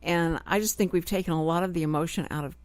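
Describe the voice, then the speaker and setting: Talking fast in a lowish voice, a middle-aged radio host chats casually and without a filter from the studio. She's highly expressive, putting on voices whenever she quotes someone, and the sound is echo-free.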